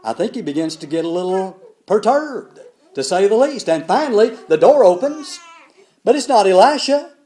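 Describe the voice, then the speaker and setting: Animated older preacher man. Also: high voice, moderate pace. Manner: animated, acts out the characters in the story. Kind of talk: sermon storytelling.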